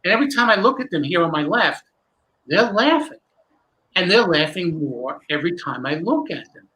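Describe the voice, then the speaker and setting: A man, a magician guest, telling a long animated story with many restarts in a candid interview. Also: high voice, moderate pace, low-quality recording.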